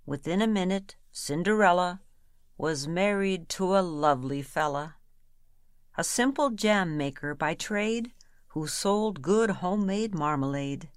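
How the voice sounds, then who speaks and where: A woman's voice: fairly low pitch, lively intonation, measured pace, smooth, no echo, studio quality. A woman reading comic rhyming verse aloud with a playful, rhythmic delivery. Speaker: reader.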